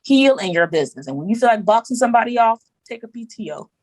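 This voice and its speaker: A woman talking as a podcast guest in casual chat, animated and emphatic, repeating her words for emphasis. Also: a little high, fast, no room sound, low-quality recording.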